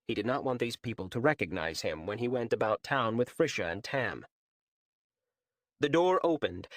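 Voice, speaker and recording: Male audiobook narrator, steady fantasy reading, animated intonation. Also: medium pitch, dry recording, clean studio sound.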